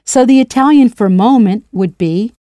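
A woman narrating a scripted language lesson in a clear, playful way, spelling words out letter by letter. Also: on the high side, normal speed, warm tone, dry recording. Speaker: language teacher.

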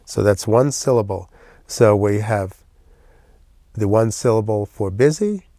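A man's voice: on the low side, measured pace, dark tone, dry recording, clean studio sound. A man teaching a classroom language lesson, patiently explaining step by step with memory aids.

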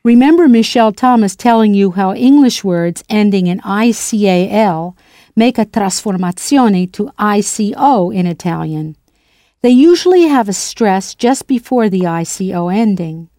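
Woman, language teacher, scripted lesson, mellow tone, dry close sound. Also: mid-range voice, measured pace, no room sound. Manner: clear, playful, spells words out letter by letter.

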